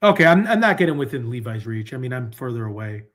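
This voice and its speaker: A man's voice: medium pitch, sing-song, fast. Rambling man hosting a live stream. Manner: rambling, talks to chat while searching online. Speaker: livestream host. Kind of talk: casual livestream chat.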